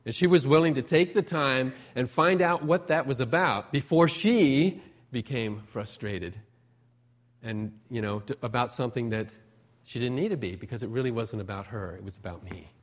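A middle-aged man, a pastor, preaching a conversational sermon with folksy personal stories. He pushes up for emphasis, then lets phrases trail off softly. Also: medium pitch, normal speed.

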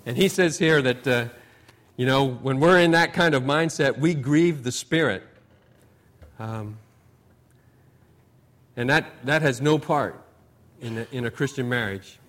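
A middle-aged man, a pastor, preaching a conversational sermon with folksy personal stories. He pushes up for emphasis, then lets phrases trail off softly. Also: medium pitch, measured pace, pauses often.

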